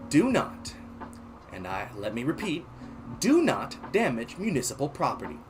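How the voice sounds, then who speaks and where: Man doing a brisk, bossy lady professor, lively delivery, faint music underneath. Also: medium pitch. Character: stern fussy female college professor.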